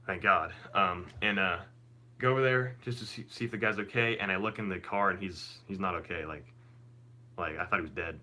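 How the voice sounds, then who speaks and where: A young man casually telling a long story on a live stream, rambling and animated, full of fillers. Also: low voice, brisk.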